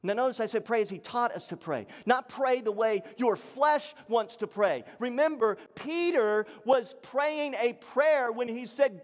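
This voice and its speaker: A male pastor preaching a sermon, swinging between raised emphatic lines and low, hushed ones. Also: unhurried, hardly any pauses, long reverb tail.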